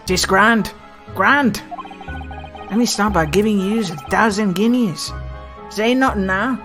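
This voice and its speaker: A woman's voice: mid-range voice, takes it slowly, a bit bright. A woman voicing a flamboyant, generous Irish man in a put-on Irish accent that keeps slipping, with faint game music behind. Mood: chummy. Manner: sing-song, chummy, slipping accent.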